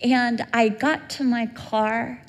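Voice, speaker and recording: A woman preaching a sermon, telling stories in an animated way and acting out the voices of the people in them. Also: on the high side, takes it slowly. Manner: animated storytelling, acts out quoted voices. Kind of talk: sermon with storytelling. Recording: long hall reverb.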